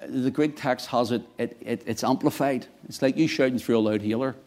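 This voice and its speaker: A man preaching a sermon, swinging between quiet, low lines and loud, emphatic bursts. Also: fairly quick.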